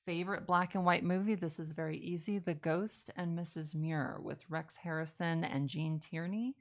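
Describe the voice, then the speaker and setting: In a fairly low, fairly even voice at normal speed, a woman hosts a relaxed live stream as she works on a craft, answering viewer questions. The audio quality is poor, and her talk is chatty and rambling, full of self-corrections and love for films.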